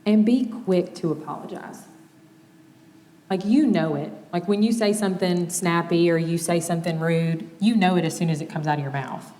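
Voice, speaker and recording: A woman's voice: lowish voice, normal speed. Woman speaking in a reverberant hall. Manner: conversational, plainspoken, gently quotes examples. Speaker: speaker giving a talk on family communication.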